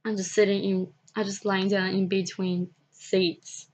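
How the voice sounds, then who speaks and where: A woman vlogging, telling a personal story in a halting, repetitive way and often restarting her sentences. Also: medium pitch, level tone.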